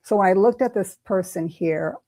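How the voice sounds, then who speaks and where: A tarot reader, tearful at first, tells a personal story on a talk stream, emotional and rambling with many restarts. Her medium-pitched voice is warm and moves at a moderate pace.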